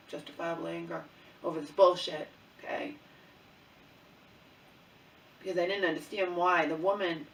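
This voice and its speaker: A woman's voice: lowish voice, vocal fry, fairly bright tone, slight background noise. A middle-aged woman vlogger telling an angry personal story with lots of swearing, often asking "okay?" and "you know?". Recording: distant mic in an echoey room.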